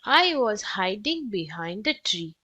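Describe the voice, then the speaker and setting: Tom, a woman doing a squeaky scared boy. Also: sing-song, takes it slowly, sharp tone, heavily acted. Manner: squeaky, frightened. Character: small timid boy who squeaks.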